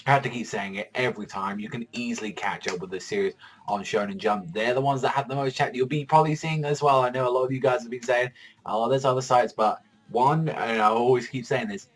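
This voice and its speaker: A man talking in a casual, rambling review style, swearing freely in an ordinary mid-pitched voice. He gets excitable and loud, tossing in mock character voices as he goes. His delivery is loose and conversational, never scripted. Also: a little fast. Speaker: manga reviewer.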